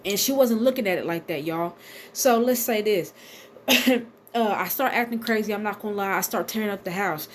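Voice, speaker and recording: Animated, profane woman in her thirties. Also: mid-range voice, normal speed, slight background noise. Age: 30s. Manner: animated, profane, talks straight to viewers. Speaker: vlogger. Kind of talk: casual storytime.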